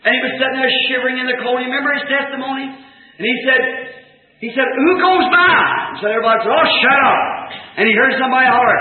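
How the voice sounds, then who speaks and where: Fervent high-voiced preacher on old tape. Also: male voice, quick pace. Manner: fervent storytelling, acting out scenes with shouts and chant. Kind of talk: sermon. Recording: echoey, tinny old tape recording.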